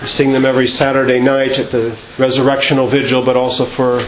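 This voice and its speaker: A male priest giving a measured sermon in a church, asking rhetorical questions and singing out quoted refrains. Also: medium pitch, level tone, a little hiss or hum. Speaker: Orthodox priest. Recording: echoey church with faint ambience.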